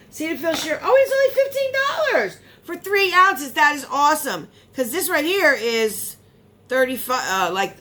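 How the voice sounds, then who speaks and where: Excitable woman vlogger, lively high voice, faint room noise behind; casual unboxing chatter. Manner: chatty, rambling, excitable with gasps. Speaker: beauty vlogger.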